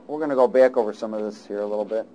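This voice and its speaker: A man preaching a sermon and reading scripture, calling out to the congregation and swinging between loud and soft. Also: lowish voice, slight background noise, rough recording. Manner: call-and-response, rises loud and falls soft.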